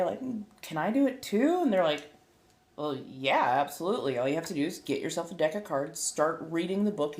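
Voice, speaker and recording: A woman from the United States chatting casually with live viewers, rambling and laughing often, correcting herself as she goes. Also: low voice. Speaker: streamer and tarot reader. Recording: echoey room.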